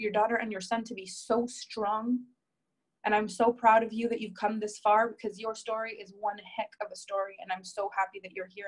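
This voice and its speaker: A woman's voice: fairly high pitch, rough recording. Emphatic woman coaching live. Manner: emphatic, heartfelt, repetitive. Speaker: relationship coach. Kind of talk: live coaching session reading viewer comments.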